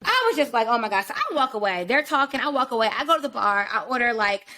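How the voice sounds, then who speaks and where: Bright, animated woman telling a story. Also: on the high side, fast. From rural area. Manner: animated, profane, swings into quoted voices. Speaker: podcast host. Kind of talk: casual storytelling chat.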